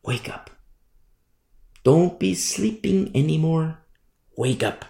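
A man's voice: on the high side, animated, takes it slowly, gravelly, mellow. Fervent male pastor preaching in echo. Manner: fervent, repetitive exhortation. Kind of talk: sermon. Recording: roomy echo.

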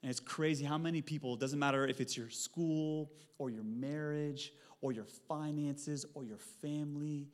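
A man in his thirties delivers a sermon from the stage of a church sanctuary. His voice sits a little high and moves from loud, lively storytelling to hushed, serious moments. Long reverb from the large hall trails behind his words. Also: normal speed, hardly any pauses. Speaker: pastor.

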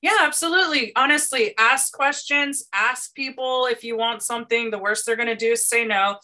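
A woman's voice: a little high, normal speed, bright, forceful tone. A woman, a photographer chatting as an interview guest, bubbly and silly, laughing often. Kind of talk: casual interview chat.

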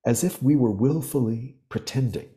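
A man talking as a podcast guest, explaining ideas in earnest, animated storytelling. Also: mid-range voice, moderate pace. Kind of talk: reflective interview talk.

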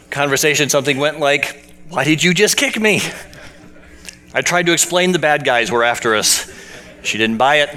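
A man's voice: on the high side, sharp tone, clean tone. A man preaching a sermon in a conversational storytelling way, asking the congregation questions as he goes. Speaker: pastor.

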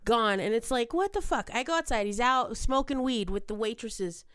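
High-voiced woman telling a brash story. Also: moderate pace, clean tone, no room sound, clean studio sound. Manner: animated, profane, laughs often. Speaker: podcast host. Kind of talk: casual storytelling chat.

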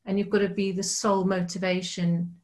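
A woman's voice: medium pitch, little pitch movement, a little fast, darkish tone. A woman, a musician and actor, chatting as a podcast guest in a rambling, self-deprecating way. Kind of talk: casual interview chat.

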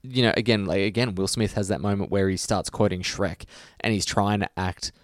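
A man's voice: fairly low pitch, steady tone, a little fast, dry recording, studio quality. A man co-hosting a podcast in casual chat, ranting heatedly with profanity and restarts. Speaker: podcast co-host.

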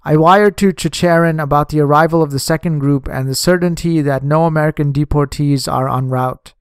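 A man narrating a memoir in a measured, steady audiobook reading on a close microphone. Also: fairly high pitch, clear, resonant tone, no echo.

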